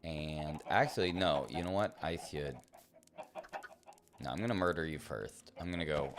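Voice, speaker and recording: Playful male streamer, very low voice, loose rambling gameplay commentary. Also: moderate pace, heavy background noise. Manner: playful, rambling, talks to himself and the game.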